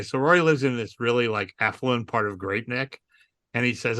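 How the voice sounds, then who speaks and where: A man spins a comic story for his podcast co-hosts. His voice is gravelly and bright, and he acts out each character with gusto. The talk is loose and conversational. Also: medium pitch, brisk, dry recording. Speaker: comedian co-host telling stories.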